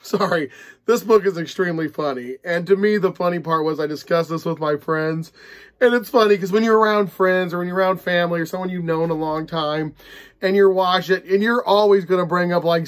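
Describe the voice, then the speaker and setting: A man's voice: high-pitched, brisk. A man in his thirties rambling through an unedited book review to camera, tired and prone to giggling. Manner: rambling, easily breaks into giggles. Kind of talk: casual unedited video review.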